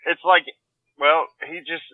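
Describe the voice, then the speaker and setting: A man's voice: a little high, flat delivery, a little slow, no room sound, narrow, tinny audio. A man co-hosting a casual interview show, bantering loosely and laughing along. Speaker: podcast co-host.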